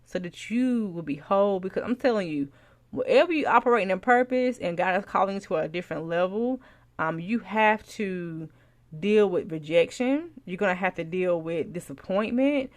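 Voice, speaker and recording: A woman hosting a faith-based podcast, talking casually and preaching to listeners, calling them y'all, with animated exclamations. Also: medium pitch, moderate pace. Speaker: podcast host and Christian life coach.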